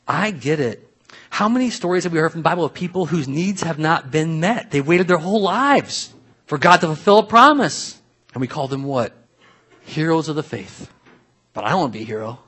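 Husky-voiced man preaching a lively sermon. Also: on the high side. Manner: lively storytelling, swinging from soft asides to loud acted-out voices. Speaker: pastor.

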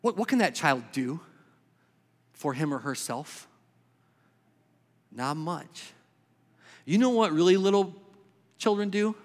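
A man preaching a sermon, swinging between quick emphatic bursts and slow, hushed lines. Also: on the high side, big pitch swings. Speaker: pastor. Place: church sanctuary. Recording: long reverb of a church hall.

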